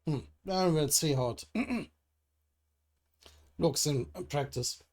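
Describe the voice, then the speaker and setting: A man reading a comic aloud into a desk microphone, with commentary along the way. He talks slowly and in a musing way. He often hesitates and restarts, thinking aloud between lines of the story. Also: fairly high pitch, expressive, darkish tone. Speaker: comic readthrough host.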